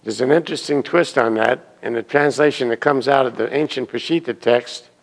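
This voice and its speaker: A man giving a Sunday sermon as a minister, telling stories and acting out the characters' excited voices. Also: mid-range voice, fairly quick, vocal fry, a little hiss or hum. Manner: animated storyteller, acting out excited quoted voices. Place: church hall. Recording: long hall reverb.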